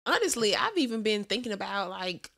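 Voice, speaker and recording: A woman's voice: mid-range voice, a little fast, vocal fry. A young woman with a Southern US accent, co-hosting a casual podcast chat with a country twang. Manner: animated, laughs often, drawling country twang. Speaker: podcast co-host.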